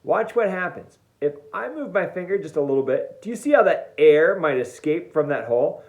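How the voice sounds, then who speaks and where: Playful man with a lively, high-ish voice. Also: normal speed. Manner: playful and jokey, demonstrating step by step. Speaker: band teacher. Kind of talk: online music lesson. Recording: echoey room, dull lo-fi sound.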